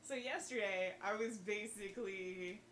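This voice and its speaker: A woman's voice: medium pitch, measured pace, a bit bright, roomy sound, a little hiss or hum. A woman joining a game stream, chatting and laughing casually as she rambles through a story. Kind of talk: casual chat.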